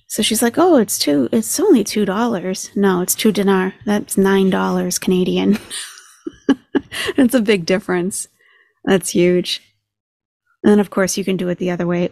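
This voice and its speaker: A woman's voice: mid-range voice, vocal fry, a little mellow, dry recording. A woman hosting a commentary channel, chatting casually and sarcastically as she talks numbers through aloud.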